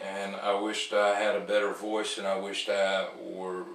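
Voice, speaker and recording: A man's voice: low voice, monotone, unhurried, fairly bright tone, reverberant, recorded from a distance, a little hiss or hum, low-quality recording. A man hosting a call-in talk show, rambling with many fillers and restarts. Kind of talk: casual talk-show monologue.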